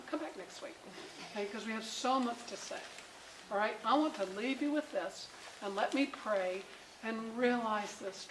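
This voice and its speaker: Animated woman teaching a moms' Bible class. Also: on the high side. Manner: animated, emphatic, bursts of excitement. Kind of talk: devotional teaching and prayer. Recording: echoey room with faint background noise.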